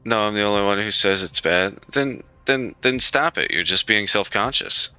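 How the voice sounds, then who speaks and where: A man with a voice on the low side streams live at normal speed, his tone pushed, bright and smooth with no room sound. He talks casually to his chat, blunt and profane, repeating himself to reassure viewers, over dull lo-fi stream audio with faint music.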